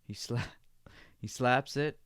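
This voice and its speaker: A man's voice: mid-range voice, slow pace, fairly bright tone, no room sound, studio quality. A young man hosting a podcast in casual chat, rambling, laughing often and swearing freely. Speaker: podcast host.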